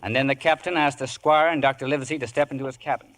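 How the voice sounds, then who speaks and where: A man's voice: mid-range voice, steady tone, fast talker, a bit bright, natural voice. A man narrating his own boyhood story in a 1950s radio drama. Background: music.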